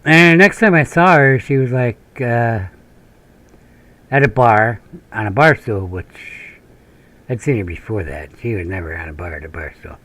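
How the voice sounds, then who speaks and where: Playing a game, a man from northern Minnesota, USA wanders through profane anecdotes and side tangents, laughing frequently as he hosts his gaming channel. He speaks unhurriedly in a lowish, animated voice that's a bit bright.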